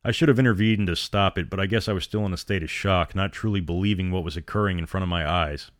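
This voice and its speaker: A man narrating a scripted horror story in a steady, grim storytelling manner. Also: low-pitched, quick pace, no room sound, clean studio sound.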